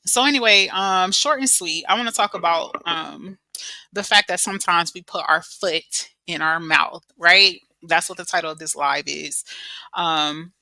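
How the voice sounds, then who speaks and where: A woman's voice: fairly low pitch, unhurried, pushed and bright, no echo. A middle-aged woman chatting casually on a live stream, greeting viewers and laughing often.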